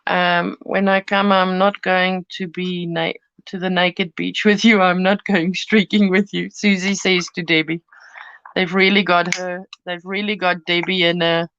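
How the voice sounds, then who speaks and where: A woman's voice: on the low side, flat delivery, unhurried, fairly bright tone, clear, resonant tone, dry recording. Giggly woman crafting on a live stream. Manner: rambling and giggly, chats while cutting paper. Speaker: craft channel host. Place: home craft studio. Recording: dull lo-fi, dry sound.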